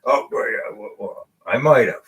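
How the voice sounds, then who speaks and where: An American man hosting a casual live show, telling a story with animated asides and acted-out quotes. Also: mid-range voice, moderate pace. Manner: animated storyteller, acts out voices of people in his story. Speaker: podcast host.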